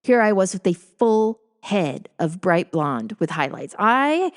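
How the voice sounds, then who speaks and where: Middle-aged woman narrating her own life story, conversational and amused, medium pitch. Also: big pitch swings, takes it slowly. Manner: amused, chuckling often while telling; conversational with self-corrections and asides. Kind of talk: casual personal storytelling.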